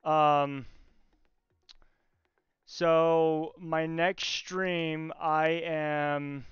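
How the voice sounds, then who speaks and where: A man's voice: a little high, flat delivery, very slow, clear, resonant tone, no room sound. A man talking casually with viewers on a live stream from his workshop, joking with them as he works. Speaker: livestreamer talking to chat. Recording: slightly dull stream audio, faint music.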